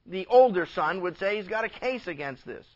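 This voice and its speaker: A male pastor preaching a sermon, telling a parable with lively storytelling and briefly acting out the characters' lines. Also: high-pitched, normal speed, dull audio.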